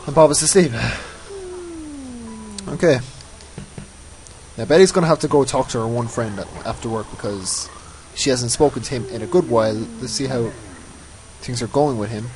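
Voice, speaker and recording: A man's voice: medium pitch, brisk, a little mellow, low-quality recording. A man giving casual, rambling commentary over his own gameplay, often mocking himself. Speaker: let's play host.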